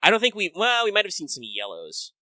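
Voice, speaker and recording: A man's voice: high voice, brisk, no room sound. A man co-hosting a casual gaming podcast, joking and ranting with plenty of profanity. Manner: animated, profane, joking rants. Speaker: podcast co-host.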